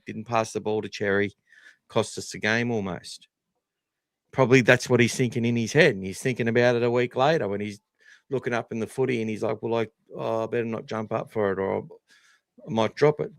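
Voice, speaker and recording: A man's voice: medium pitch, no room sound. An Australian man hosting a live podcast, talking in a blunt, sweary, casual way. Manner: blunt, sweary, animated opinions. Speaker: podcast host.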